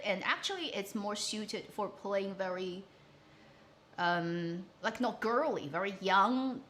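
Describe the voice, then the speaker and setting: Blunt, animated woman drama reviewer. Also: mid-range voice, a little hiss or hum. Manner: opinionated, blunt, animated critique. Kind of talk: casual commentary livestream.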